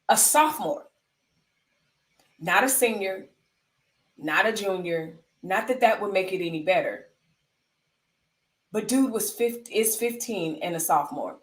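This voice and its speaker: Heard on a distant mic with a roomy sound, a woman from the United States comments on the news during her live stream. She speaks to her chat in an emphatic, conversational manner, repeating points for stress, in a medium-pitched, fairly bright voice.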